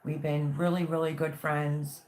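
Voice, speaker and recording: A woman hosting a casual livestream, chatting and reading viewer comments aloud with warm, gushing thanks. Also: low voice, little pitch movement, unhurried, a little hiss or hum. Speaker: livestream host.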